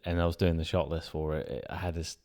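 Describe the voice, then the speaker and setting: A man with a notably deep, low-pitched voice talks as a guest in a relaxed conversation. He tells stories with animated energy, laughs readily and drops the odd curse word. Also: quick pace. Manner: animated, laughing, swears casually. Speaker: guest filmmaker. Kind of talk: casual chat.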